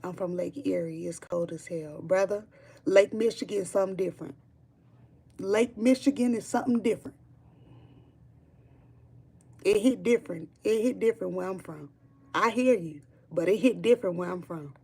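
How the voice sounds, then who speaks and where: Woman, gravelly fry, casual livestream chat, emphatic, repeats herself, swears. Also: medium pitch, moderate pace, long pauses, dark tone. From Chicago, Illinois. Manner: emphatic, repetitive, swearing freely. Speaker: streamer chatting with viewers.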